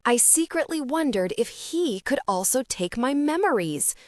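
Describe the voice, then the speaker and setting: A woman narrating a first-person audiobook with a steady, earnest reading. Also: high-pitched, normal speed, no echo, clean studio sound.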